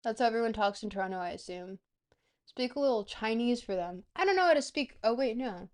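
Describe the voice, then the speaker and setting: A woman's voice: a little high, expressive, brisk, a little mellow. A woman streamer in a casual livestream chat, goofy and rambling, swearing freely.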